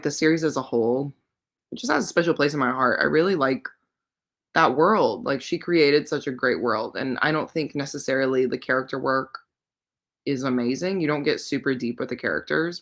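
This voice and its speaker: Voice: mid-range voice, creaky, a bit bright. A readathon livestream host chatting casually and playfully between reading sprints, with slangy, offhand phrasing. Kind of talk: casual chat while reading.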